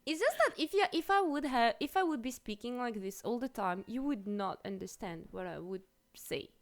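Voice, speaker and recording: A high-voiced woman speaking English with a French accent, French being her first language. She hosts a casual stream chat, animated and laughing often, restarting her sentences as she goes. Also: normal speed. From France. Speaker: streamer host.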